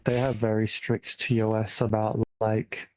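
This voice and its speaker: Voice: medium pitch, completely flat delivery, a little slow, darkish tone. A guest on a stream chatting casually and easygoing with the host. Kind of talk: casual chat.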